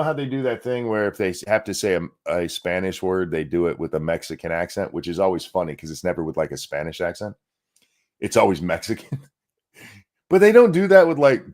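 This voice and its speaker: Sarcastic, animated American man, low voice. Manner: sarcastic, profane, reads chat donations aloud. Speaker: podcast host. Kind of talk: casual livestream commentary.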